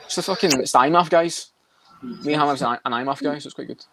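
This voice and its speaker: A man's voice: fairly high pitch, a crowd in the background. A man co-hosting a podcast, chatting casually and bluntly about fights with plenty of swearing. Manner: rapid, swears a lot, blunt. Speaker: podcast co-host.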